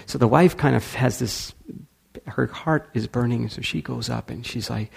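Male storyteller giving a talk, animated, acting out quotes, husky with gravel. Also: mid-range voice, moderate pace. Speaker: speaker.

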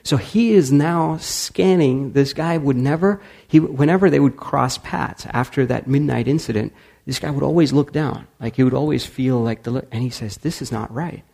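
Male storyteller giving a talk, animated, acting out quotes, husky with gravel. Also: mid-range voice, normal speed. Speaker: speaker.

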